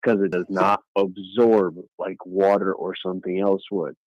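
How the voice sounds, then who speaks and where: Laid-back lower-voiced man, muffled dry mic. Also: flat delivery, measured pace, dry recording. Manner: laid-back, laughs a lot, calls people bro. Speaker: podcast co-host. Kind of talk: casual podcast chat.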